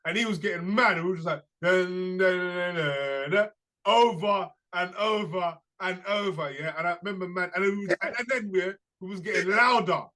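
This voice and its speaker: A young man, chatting casually as a podcast co-host and telling lively stories in slang. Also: high voice, a little fast, few pauses. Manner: animated storytelling, slangy, laughs through anecdotes. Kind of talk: casual chat.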